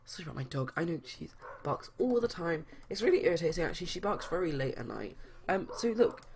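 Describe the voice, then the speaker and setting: A woman's voice: lowish voice, big pitch swings, fast, creaky. A young woman hosting a let's play, narrating a life-sim game in a chatty, rambling way. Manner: chatty, rambling, with many fillers. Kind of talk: casual game commentary.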